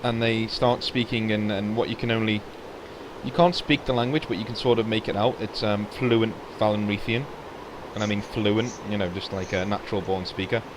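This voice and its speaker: Male game master, lowish voice, rambling delivery full of fillers; noisy home recording. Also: fairly even intonation, normal speed. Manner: rambling, many fillers and restarts. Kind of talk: narrating a tabletop game.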